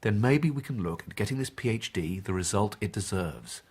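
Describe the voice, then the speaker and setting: An actor playing a dismissive, lecturing PhD supervisor in an audio drama. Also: male voice, lowish voice, lively intonation, moderate pace, darkish tone, slightly rough.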